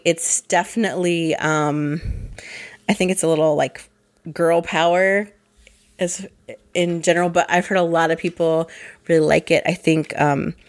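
A woman co-hosting a board game podcast in casual chat, hoarse from allergies, chatty with many fillers and laughs. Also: sits low. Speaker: podcast co-host.

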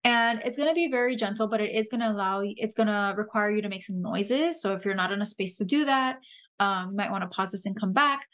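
A woman hosting a podcast, slowly and gently guiding listeners through a breathing and humming exercise. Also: mid-range voice. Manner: gentle, slow guiding instructions with soft laughs. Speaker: podcast host leading a somatic exercise.

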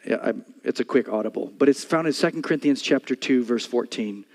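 An older man preaching a sermon as a pastor, passionate, moving between soft storytelling and loud repeated declarations. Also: mid-range voice, a little fast.

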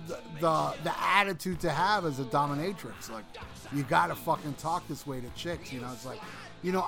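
A man's voice: fairly high pitch, normal speed, creaky. Crude rambling man over music. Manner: rambling, crude storytelling with many fillers. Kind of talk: casual chat.

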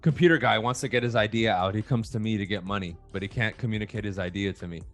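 A man talking bluntly and profanely in a casual podcast chat, telling stories with animated quoted voices. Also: fairly low pitch, quick pace, soft background music.

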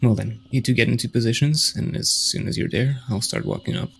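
A man's voice: medium pitch, fairly quick, vocal fry, breathy edge. A man playing a tabletop game, laying out plans in a decisive way. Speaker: player. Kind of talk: casual tabletop play.

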